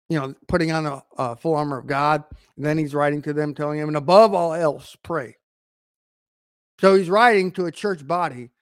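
A man's voice: a little high, no room sound, studio quality. A man preaching a sermon, emphatic, often restarting his phrases.

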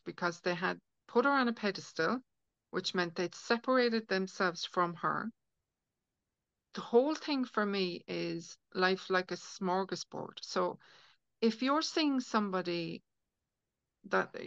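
A woman's voice: mid-range voice, gravelly, fairly bright tone, dry recording. A woman guest on a podcast, talking earnestly in casual conversation and acting out inner voices as she explains. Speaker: guest healer. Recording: dull lo-fi audio, dry.

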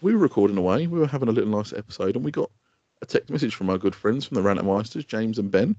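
A man's voice: on the low side, expressive, racing, mellow, no room sound, dull audio. A man co-hosting a podcast in casual chat, rambling and laughing often. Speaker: podcast co-host.

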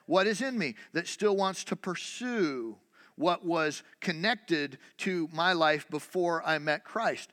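High, bright-voiced preacher in a reverberant hall. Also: male voice. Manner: conversational preaching, rhetorical questions, repeated restarts. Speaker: pastor. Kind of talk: sermon.

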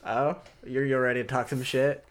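A man's voice: mid-range voice, level tone, moderate pace. A man co-hosting a podcast, playful and full of silly ideas in casual banter. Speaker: podcast co-host.

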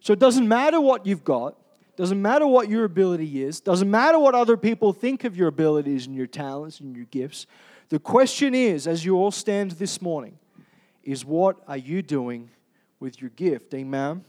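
A man's voice: high-pitched, lively intonation, moderate pace, darkish tone. A young adult man preaching a sermon to a congregation, telling a personal story and calling out "Amen?" as he goes. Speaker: pastor. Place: church hall.

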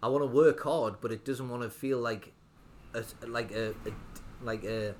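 A man's voice: medium pitch, moderate pace, darkish tone, slight background noise. A young man, a restaurant owner telling his story in a casual interview, rambling with lots of fillers and restarts. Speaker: restaurant owner, podcast guest.

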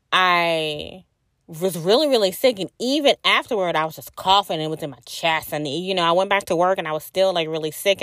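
Tired and drained, a woman hosting a podcast talks casually and frankly about her spiritual journey, swearing freely and saying "like" a lot as she tells her story. Her voice sits on the low side with a fairly bright tone, and there's no room sound.

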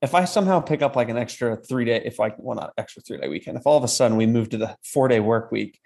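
A man in his twenties co-hosting a podcast, telling a story in casual chat, lively and often laughing. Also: mid-range voice, fast, gravelly. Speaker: podcast co-host.

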